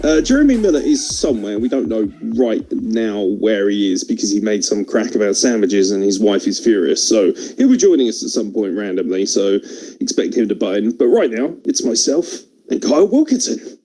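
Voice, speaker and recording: A man hosting a wrestling podcast in casual chat, wired and laughing, with quick asides. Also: fairly low pitch, very animated, dark tone, husky, low-quality recording. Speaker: podcast host.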